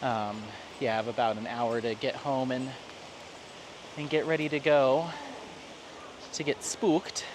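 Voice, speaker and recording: A man's voice: mid-range voice, fairly even intonation, measured pace, pauses often. Chatty man rambling on an outdoor walk. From Colorado, USA. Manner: chatty, rambling, laughs often. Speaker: craft vlogger. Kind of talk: casual chat while walking the dog. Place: outdoors on an evening walk near water. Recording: clear outdoor street noise. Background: traffic and town ambience.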